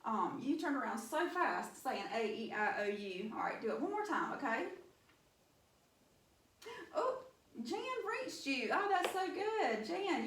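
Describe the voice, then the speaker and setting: A Southern-accented woman teaches phonics to young kids in a classroom, cheerful and supportive, addressing them as "y'all." Her fairly bright voice sits high, and the distant mic captures an echoey room.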